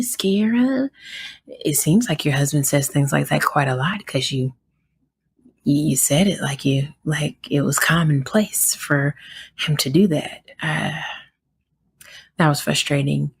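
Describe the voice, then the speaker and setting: A woman's voice: low-pitched, unhurried, gravelly, husky. A young woman with a Southern American accent telling a story in a casual, indignant podcast monologue, full of fillers. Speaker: podcast host.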